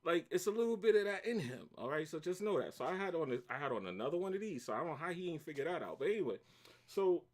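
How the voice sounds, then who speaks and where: A man's voice: on the high side, fast talker. Brief: middle-aged Brooklyn guy, stream host, casual storyteller, raises his voice when he relives the fight. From New York. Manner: animated, acts out both sides of arguments, shouts when reliving anger. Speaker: livestream host.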